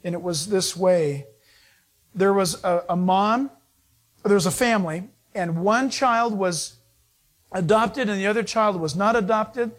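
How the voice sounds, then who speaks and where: A man's voice: high-pitched, unhurried. A man preaching a conversational sermon, telling stories in a chatty way with frequent restarts. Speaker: pastor.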